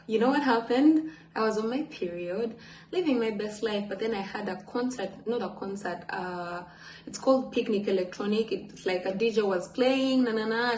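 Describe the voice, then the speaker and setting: A woman's voice: a little high, darkish tone, reverberant, a little hiss or hum, low-quality recording. A woman telling a candid storytime on her vlog at home, chatty and swearing, jumping between asides. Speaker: vlogger. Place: home apartment.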